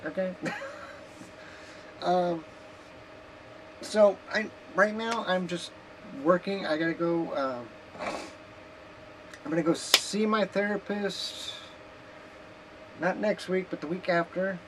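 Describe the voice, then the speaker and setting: A woman's voice: lowish voice, slow pace, long pauses. A woman vlogging in a casual, rambling, joking way from her home kitchen, sometimes talking while eating. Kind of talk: casual chat. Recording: noisy background hiss.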